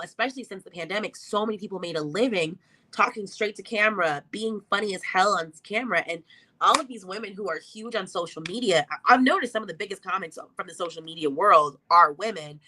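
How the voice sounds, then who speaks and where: A woman from Texas, a comedian, chatting as a guest in an interview, quick and emphatic. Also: mid-range voice, bright, forceful tone, poor audio. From Arlington, Texas. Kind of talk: casual interview chat.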